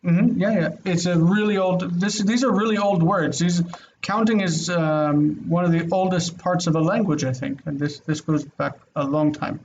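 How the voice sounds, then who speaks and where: A man's voice: high voice, fairly even intonation, normal speed, darkish tone, highs cut off, slight background noise. A man teaching a Hebrew class online, explaining patiently step by step with frequent fillers.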